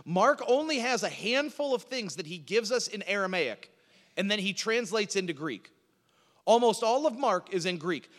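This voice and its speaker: Lively high-voiced man preaching in a hall. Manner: asks the audience questions and answers them, repeats words. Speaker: preacher teaching a Bible class. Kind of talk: sermon-style Bible teaching.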